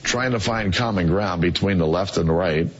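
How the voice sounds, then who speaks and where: A man answering interview questions in a halting way, with many fillers, in a clip played on the radio. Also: low voice. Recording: dull lo-fi clip played on air.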